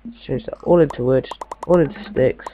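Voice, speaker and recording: Gravelly young man chatting. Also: mid-range voice, a little fast, warm tone, dull audio, a little hiss or hum. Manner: chatty, talks to himself, slightly posh. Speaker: gamer. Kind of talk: casual gameplay commentary.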